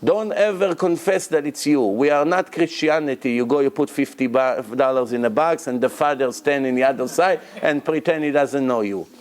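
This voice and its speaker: A rabbi lectures his congregation on Torah in a medium-pitched voice, moving at a moderate pace with hardly any pauses. He is emphatic, repeats words for stress, and uses non-native grammar, sometimes breaking into loud, acted shouting of prayers and quotations.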